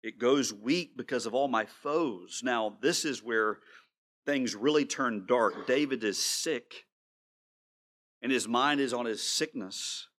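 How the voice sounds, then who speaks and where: A male pastor delivering a sermon in an earnest way, slowing down to stress his words and now and then repeating himself. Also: mid-range voice, fairly bright tone.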